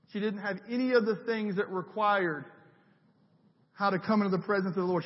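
A man with a high voice preaches in a relaxed, conversational way, hammering his points home through repeated phrases. The recording is dull and lo-fi, and his voice rings out with a long reverb that fills the church sanctuary. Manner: conversational, builds with emphatic repetition. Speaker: pastor. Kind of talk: sermon.

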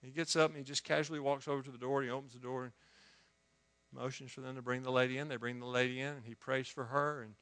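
Animated storytelling preacher, man. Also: medium pitch, fast talker. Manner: animated storyteller, restarts words, swings from quiet asides to loud exclaims. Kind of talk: storytelling sermon.

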